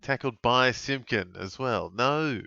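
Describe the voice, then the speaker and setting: Male host, live match reactions, bright smooth tone, dry dull lo-fi recording. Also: medium pitch, slow pace, dry recording. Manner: reactive, exclaiming at plays, chatty. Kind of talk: live fantasy sports watch-along commentary. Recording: dull lo-fi dry mic sound.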